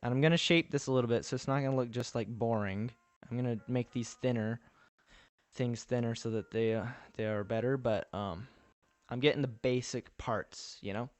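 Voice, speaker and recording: A man's voice: mid-range voice, normal speed, clean tone, dry recording. Man rambling through a live build stream. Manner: thinks aloud, rambling with restarts; reads viewer chat aloud and answers. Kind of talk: casual live-stream chat while building.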